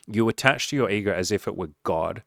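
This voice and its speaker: A man's voice: on the low side, brisk, creaky, no room sound, clean studio sound. A male life coach talking straight to the viewer in a blunt, emphatic way, swearing often and mocking the doubts in people's heads. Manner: blunt and profane, heavy swearing; emphatic, mocks the listener's inner voice. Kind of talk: motivational monologue.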